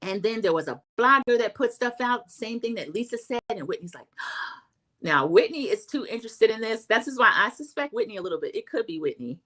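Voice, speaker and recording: A middle-aged woman hosting a livestream, casually recapping a reality TV episode and giving her opinions, chatty and animated when she acts out quoted lines. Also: on the high side, a little fast, poor audio. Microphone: home streaming setup.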